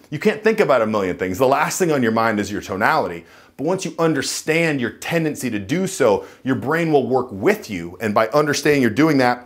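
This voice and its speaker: Animated man coaching on vocal tone. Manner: emphatic, drops into a low chest voice to demonstrate. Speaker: dating and voice coach. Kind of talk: instructional talk to camera.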